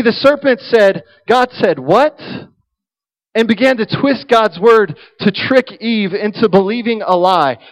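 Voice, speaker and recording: A man preaching a sermon, telling a humorous story in an animated way. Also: sits high, rough recording.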